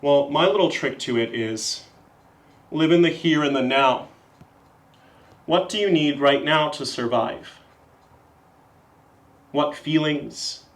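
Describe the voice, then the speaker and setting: A man leading a yoga class, giving calm, encouraging step-by-step cues. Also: a little high, takes it slowly, pauses often, reverberant. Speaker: yoga instructor.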